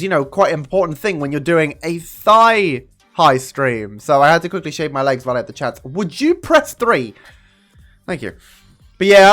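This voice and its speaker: Young male streamer, fairly high, animated and profane, casual chat over faint music. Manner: chatty and profane, with sudden high excited jumps. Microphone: desk microphone.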